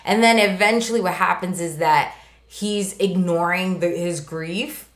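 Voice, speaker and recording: A woman's voice: fairly low pitch, unhurried. A woman co-hosting a podcast who talks casually and with energy, swearing freely as she retells scenes. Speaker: podcast co-host. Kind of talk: casual chat. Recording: roomy echo.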